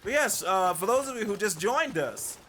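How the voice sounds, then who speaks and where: A man livestreaming a game, chatty and excitable, talking to his chat as he plays. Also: high-pitched, normal speed, slight background noise. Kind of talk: live game commentary.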